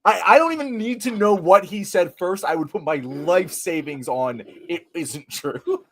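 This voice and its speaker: A man's voice: high-pitched, animated, unhurried, fairly bright tone, slight background noise. A man co-hosting a podcast, talking casually with stammering restarts and frequent laughter. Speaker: podcast co-host. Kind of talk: casual chat.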